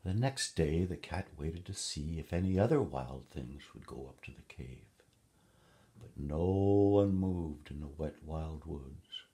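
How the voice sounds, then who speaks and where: A man reading a children's story aloud in a rhythmic, lively way. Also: husky. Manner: slow, rhythmic, lively pitch. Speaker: narrator.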